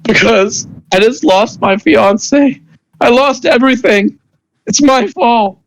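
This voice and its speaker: A man voicing a grief-stricken male doctor who has lost his fiancée, speaking in a pleading, drawn-out way. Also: steady tone, fairly bright tone, smooth, rough recording. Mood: desperate grief. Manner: pleading, drawn-out, higher than the narrator.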